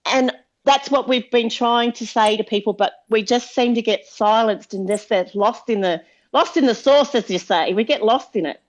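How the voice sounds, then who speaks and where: A woman banters on a phone livestream in a chatty, joking way. Her voice sits a little high. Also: moderate pace, muffled recording. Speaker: livestream guest.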